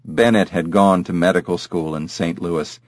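A man reading a novel aloud as narrator, with steady, even storytelling. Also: low voice, normal speed, no room sound, clean studio sound. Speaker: audiobook narrator. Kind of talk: scripted narration.

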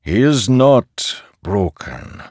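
A man voicing a calm farmer who oversees soldiers in an audiobook; the voice is kindly and soft, and he speaks slowly and reassuringly. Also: lowish voice, dry recording, clean studio sound, pitched above the performer's own voice, full character voice. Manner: slow, measured and reassuring. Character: calm middle-aged male farmer overseer, kindly but firm.

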